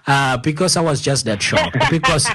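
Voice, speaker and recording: South African host, Zulu first language, rambling chatty storyteller, mid-pitched. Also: male voice, lively intonation, normal speed, crowd noise. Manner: rambling storyteller who laughs easily and uses many fillers. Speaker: podcast host. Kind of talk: casual conversational interview.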